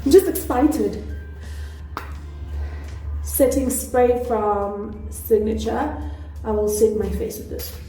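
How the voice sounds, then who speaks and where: A South African woman doing a put-on Nigerian accent, chatting excitedly and laughing at herself through a makeup tutorial. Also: fairly high pitch, slow pace, long pauses. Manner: chatty, excitable, self-deprecating. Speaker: beauty vlogger. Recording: echoey room with faint music.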